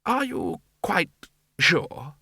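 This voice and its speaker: Casting: dithering old archwizard, raised, drawn-out hesitant voice, done by a male narrator. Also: high voice, very animated, vocal fry, bright, forceful tone, husky, no echo, clean studio sound, pitched above the performer's own voice, exaggerated voice. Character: hesitant elderly male head wizard.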